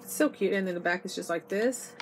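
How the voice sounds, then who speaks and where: A woman's voice: lowish voice, fairly quick. A middle-aged woman chatting to her viewers in a casual haul video, gushing and losing her voice. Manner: chatty and gushing, addresses viewers as "you guys". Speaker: vlogger. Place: inside an RV. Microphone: iPod. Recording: noisy home video.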